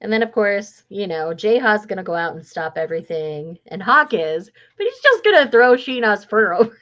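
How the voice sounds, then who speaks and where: A woman's voice: mid-range voice, sing-song, normal speed, fairly bright tone. A woman hosting a casual book club chat, gushing and acting out characters' lines. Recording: muffled lo-fi audio.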